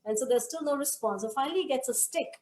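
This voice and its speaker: A woman hosting an online scripture study group, leading the discussion and telling stories in an animated way over a video call. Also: high-pitched, fast talker. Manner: animated storyteller. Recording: roomy echo.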